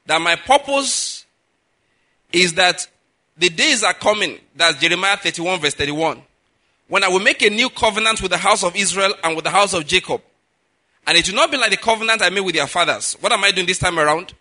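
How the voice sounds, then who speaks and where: A middle-aged male pastor preaching a sermon, pushing his voice higher and louder to stress his points. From Nigeria. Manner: emphatic, rises in pitch and volume to stress points.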